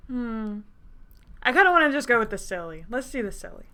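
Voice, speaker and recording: Role: streamer. Style: visual novel playthrough commentary. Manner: giggly, excitable. Pitch: middle. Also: female voice, normal speed, pauses often.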